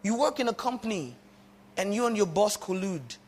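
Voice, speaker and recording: A man's voice: high-pitched, very animated, normal speed, slight background noise. A man preaching a sermon in church, calling out to the congregation and urging them to repeat his words. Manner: emphatic call-and-response preaching. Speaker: pastor.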